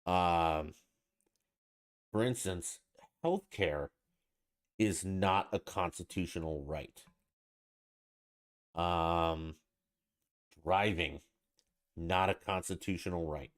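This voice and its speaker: With a low voice, drawn-out words and frequent pauses, a man hosting his podcast by himself rants casually in a blunt, irritated, profane manner.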